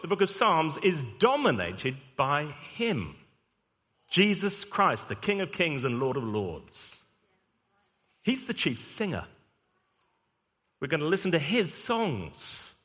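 Male vicar, bright animated delivery, humorous storyteller, long hall reverb. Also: a little high. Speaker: vicar, preacher. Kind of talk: sermon with anecdote.

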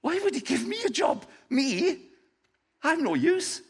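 A man's voice: big pitch swings, unhurried, vocal fry, full character voice. A man voicing a remorseful male disciple who earnestly pleads that he loves his master despite failing him. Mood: bewildered. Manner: earnest, pleading, voice rising high. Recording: reverberant hall.

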